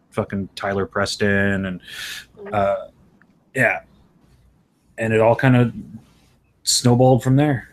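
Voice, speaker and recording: A man's voice: fairly low pitch, a little hiss or hum. A man hosting a livestream, chatting casually and telling loose, profane stories. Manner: loose, profane storytelling with frequent laughs. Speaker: streamer hosting a live chat.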